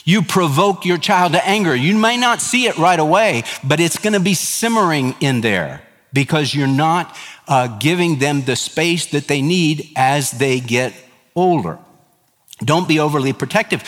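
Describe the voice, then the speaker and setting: Middle-aged male pastor, emphatic sermon delivery, fairly high voice, reverberant church sound. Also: animated, unhurried, a bit bright. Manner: earnest, emphatic preaching with repeated lists. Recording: hall reverb.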